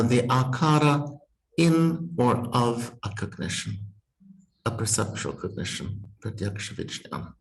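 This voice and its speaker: A man's voice: medium pitch, gravelly, low-quality recording. A man teaching as a university Sanskrit professor, thinking aloud with careful restarts and small laughs, talking over a video call. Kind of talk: university text-reading seminar.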